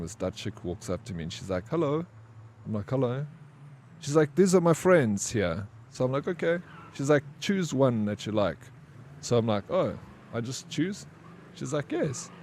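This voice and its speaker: A man with a medium-pitched voice tells casual, slangy, profane stories during a live game stream, voicing the characters in them with animated flair. A slight background noise can be heard.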